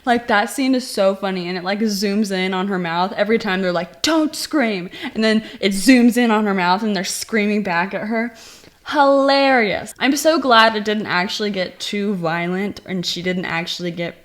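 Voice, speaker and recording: A woman's voice: medium pitch, normal speed. Chatty woman reviewing a movie. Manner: animated retelling, acting out quoted lines; chatty, many "like" fillers.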